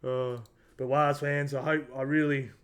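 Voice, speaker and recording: A man's voice: mid-range voice, flat delivery, unhurried, a bit bright, clean tone. Aussie guy rambling through his footy recap, chatty, um and like everywhere. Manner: rambling, chatty, lots of fillers and asides. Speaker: sports tipping vlogger. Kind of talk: casual rugby league recap.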